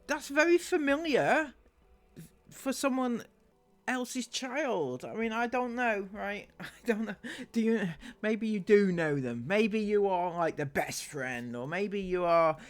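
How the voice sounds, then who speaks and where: A man's voice: high voice, animated, slow. A man doing sarcastic commentary on online comments, laughing often. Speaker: commentary YouTuber.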